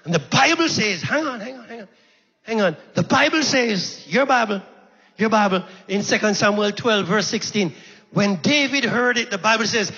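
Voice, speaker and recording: A man's voice: high-pitched, lively intonation, normal speed, bright, forceful tone, slightly rough, in a large hall, muffled recording. A man preaching a sermon in a church, impassioned, repeating phrases and calling out to the congregation.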